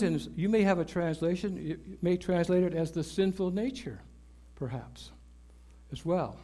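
A man's voice: high voice, darkish tone. A man preaching a conversational sermon, repeating key words for emphasis and checking in with his listeners. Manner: conversational teaching, checks in with "right?" and "okay?". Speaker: pastor.

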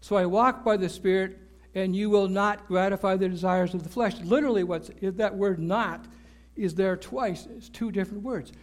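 A pastor with a high-sitting, steady voice at normal speed preaches a conversational sermon. Teaching in a conversational way, he repeats key words for emphasis and checks in with listeners using "right?" and "okay?".

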